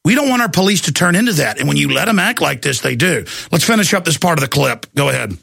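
A man's voice: on the high side, lively intonation, fast, gravelly, bright, forceful tone, a little hiss or hum. A man hosting a show, commenting on a video clip in a sarcastic, indignant way. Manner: sarcastic, indignant, laughs a lot. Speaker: TV show host.

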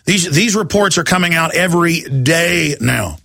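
A man's voice: on the high side, lively intonation, moderate pace, gravelly, bright, forceful tone, no echo, studio quality. Fiery, ranting male talk radio host.

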